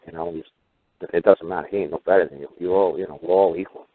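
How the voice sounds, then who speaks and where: Low-voiced man on tinny radio. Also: quick pace, no room sound. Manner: rambling, acts out dialogues with sudden pitch jumps. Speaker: radio show host. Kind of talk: call-in radio talk. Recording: tinny phone-like radio audio.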